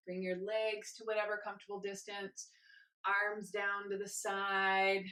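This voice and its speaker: A young woman leading a guided movement class, encouraging and gentle, a little out of breath as she moves. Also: medium pitch, steady tone, normal speed. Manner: encouraging, gentle, invites choices. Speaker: movement instructor. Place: home room with carpet.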